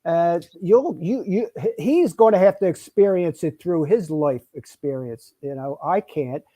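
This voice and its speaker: A man's voice: fairly high pitch, measured pace, dark tone, no room sound. A man co-hosting a recovery podcast, speaking emphatically and repeating himself as he makes his points. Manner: emphatic, repetitive, interrupting. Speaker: podcast co-host. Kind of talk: casual recovery discussion.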